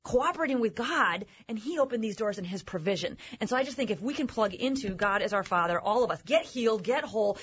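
A woman guest on a faith talk show, telling personal stories in an animated way. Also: on the high side, fast talker, few pauses, lo-fi sound, a little hiss or hum.

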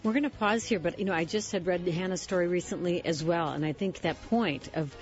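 A woman's voice: fairly low pitch, steady tone, a little fast, darkish tone, highs cut off, faint music behind. A woman hosting a Christian radio talk show, speaking in an earnest, reflective way and affirming her guest. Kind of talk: conversational Christian radio interview.

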